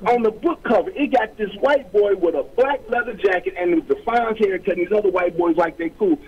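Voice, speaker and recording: A man's voice: high-pitched, fairly quick, slightly rough, muffled recording. A middle-aged man, a guest author, telling his story in an interview with streetwise slang, acting out quoted voices.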